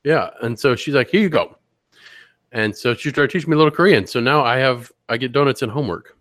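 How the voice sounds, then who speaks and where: A man co-hosting a podcast, chatting casually and telling anecdotes with animated voice impressions. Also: mid-range voice, quick pace, no room sound, studio quality. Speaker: podcast co-host. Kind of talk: casual chat.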